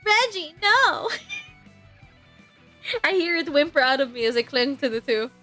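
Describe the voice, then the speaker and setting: A young woman streaming a dating game, reading the narration aloud and reacting with excitement and laughter. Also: high-pitched, fast talker, soft background music.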